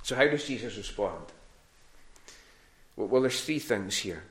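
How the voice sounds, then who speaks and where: A man's voice: fairly low pitch, animated, unhurried. A man preaching a sermon to a congregation in a church hall. He speaks conversationally and often repeats words while he searches for the next one.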